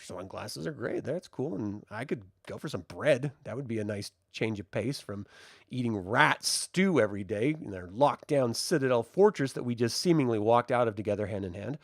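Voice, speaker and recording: A man voicing meek, starving commoners with quiet, low, dopey mumbling. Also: fast, few pauses, husky, no echo, clean studio sound.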